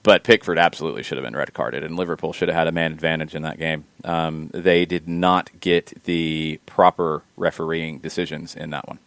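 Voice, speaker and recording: Deep-voiced man ranting about soccer. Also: fairly even intonation, vocal fry, fairly bright tone, no echo. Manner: rambling, opinionated, quick asides. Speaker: podcast co-host. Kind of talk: casual sports chat.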